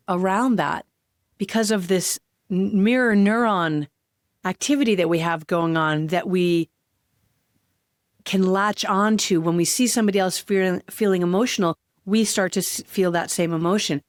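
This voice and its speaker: A woman hosting a solo podcast, talking candidly and with heartfelt, gentle emotion. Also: medium pitch, moderate pace, no echo, studio quality. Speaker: podcast host.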